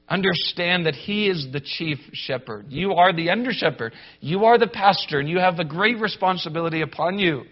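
A man preaching a sermon to pastors, emphatic, rising to loud declarations and dropping to low, grave asides. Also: lo-fi sound.

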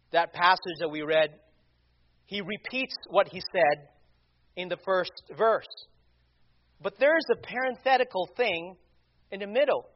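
Male preacher, high voice, slow, emphatic, loudness rising and falling; dull lo-fi recording. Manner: emphatic, swelling and dropping in volume. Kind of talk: sermon. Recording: dull lo-fi sound.

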